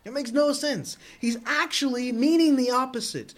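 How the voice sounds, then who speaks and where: A man's voice: extremely high pitch, normal speed, fairly bright tone. A man preaching a sermon in an earnest tone, often repeating words as he presses a point. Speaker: pastor.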